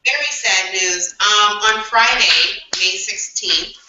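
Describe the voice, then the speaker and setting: A woman's voice: mid-range voice, slow, bright, forceful tone, highs cut off, slight background noise. A woman co-hosting a podcast over a video call, relaying news with lots of filler ums. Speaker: podcast co-host. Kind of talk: casual podcast chat. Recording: roomy, distant video-call audio.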